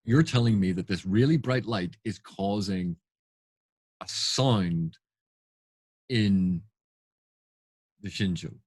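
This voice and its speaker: A man's voice: deep voice, slow, pauses often, a little mellow, breathy edge, dry recording. A man giving unscripted reaction commentary, exasperated and full of rhetorical questions. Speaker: film and TV critic.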